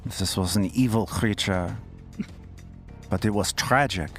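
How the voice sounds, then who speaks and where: A man's voice: on the low side, a little slow, soft background music. A man voicing a stern male character who speaks in short, clipped lines through gritted teeth. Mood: seething. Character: seething stern male triplet.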